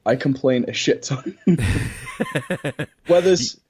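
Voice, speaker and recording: A man's voice: medium pitch, expressive, slow, darkish tone, slight background noise. A British man, guest host on a podcast, chatting in an easygoing way, laughing often and swearing casually. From Britain. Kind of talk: casual chat.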